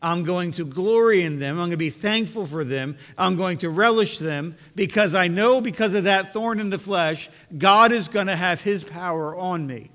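Preacher man, earnest and chatty, slightly high voice, long hall echo. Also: moderate pace, few pauses, a bit bright. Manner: earnest, conversational preaching with frequent restarts. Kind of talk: sermon.

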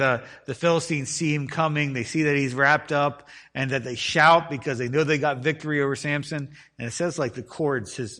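A man's voice: mid-range voice, a bit bright. A man preaching to a group, reading scripture aloud and explaining it in casual everyday words, acting out the people in the story. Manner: acts out the lines of the people in the text. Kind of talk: expository Bible teaching to a group.

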